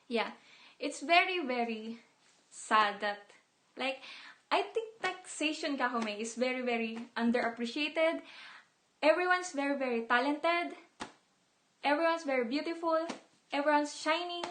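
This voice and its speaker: A woman's voice: sits high, a little slow, long pauses, fairly bright tone. A young woman idol talking casually on a livestream, emotional and rambling, repeating words and mixing in some Tagalog.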